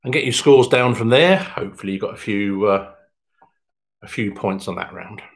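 He's an English host of an online pub quiz, going through the answers at a normal speed in a creaky voice. His delivery is jokey and conversational, with a jump in pitch each time he announces.

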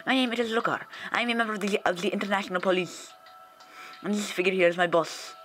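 A man voicing a formal male police agent with a bright, forceful tone, speaking in stiff, overly polite phrases. Background music plays faintly under the game reading. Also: high-pitched, fairly even intonation, quick pace, pitched above the performer's own voice.

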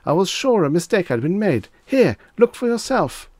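A man voicing a panicky, haughty young dandy with a shrill, indignant manner. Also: expressive, normal speed, no room sound, studio quality.

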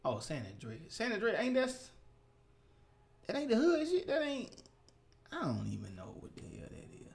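A young man rants in a casual gaming vlog. His pitch swings wide, jumping from low grumbles to high outbursts. He is profane and animated, with sudden loud bursts. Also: moderate pace, vocal fry, pauses often. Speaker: gaming vlogger.

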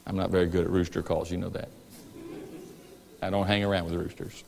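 A man's voice: deep voice, fairly quick, vocal fry, pauses often. Preaching man in a reverberant church. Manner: animated storytelling with acted-out voices and rooster calls. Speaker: pastor. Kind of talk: sermon. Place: church sanctuary.

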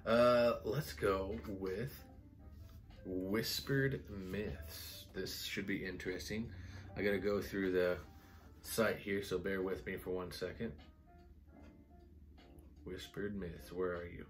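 A man casually reviewing perfumes in a vlog, excitable and rambling, full of "like" and "guys". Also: sits low, takes it slowly, pauses often, soft background music. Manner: excitable, enthusiastic, rambling with many "like"s. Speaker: fragrance reviewer.

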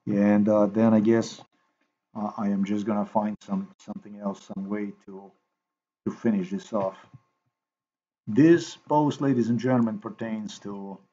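Rambling man with a low voice. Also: fairly even intonation, mellow, highs cut off. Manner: repetitive, halting, thinks aloud with many fillers. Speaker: video maker. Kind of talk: rambling monologue while editing a video.

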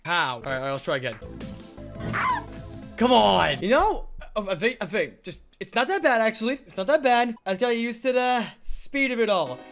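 A woman giving casual gameplay commentary, self-mocking and animated, swinging between groans and cheers. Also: on the high side, moderate pace, soft background music. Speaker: gaming YouTuber.

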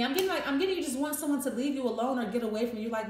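Chatty woman reading tarot cards. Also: high-pitched. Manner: thinks aloud, acts out quick quoted voices. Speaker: tarot reader. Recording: echoey room with faint noise.

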